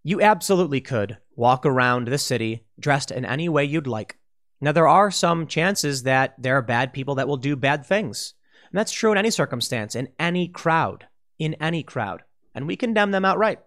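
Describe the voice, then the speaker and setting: A man's voice: mid-range voice, normal speed. A man giving opinion commentary, talking emphatically and acting out quoted remarks in a raised voice. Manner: animated, emphatic, with restarts and quoted asides. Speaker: political commentator.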